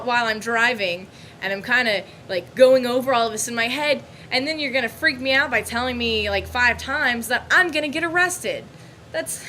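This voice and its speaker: A young woman vlogger telling a story about her bad day in a casual, animated, exasperated way. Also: a little high, a little hiss or hum, low-quality recording. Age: young adult.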